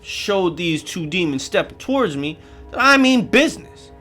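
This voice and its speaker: A man telling a comedic first-person horror story, profane, jumping between loud outbursts and hushed asides. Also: sits high, very animated, normal speed, soft background music.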